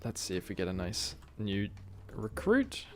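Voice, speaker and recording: A man's voice: lowish voice, huge pitch swings, unhurried, background noise. A British man chatting casually with his live-stream viewers while playing a game, rambling and joking and humming to himself between remarks. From Britain.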